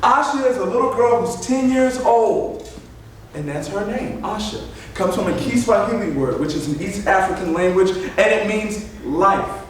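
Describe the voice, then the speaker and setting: A male storyteller with a strikingly high, swooping voice leads a room of children in call-and-response. He is caught from a distance, so the room's heavy echo rings around every line, with a faint hum underneath. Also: normal speed. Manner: animated call-and-response, coaxing the audience. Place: library event room. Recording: echoey room picked up from afar.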